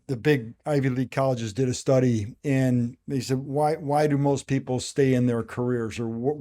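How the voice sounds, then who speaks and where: A man's voice: medium pitch, warm tone. A man hosting a podcast interview for sales managers, affirming his guest and rambling with restarts. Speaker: podcast host.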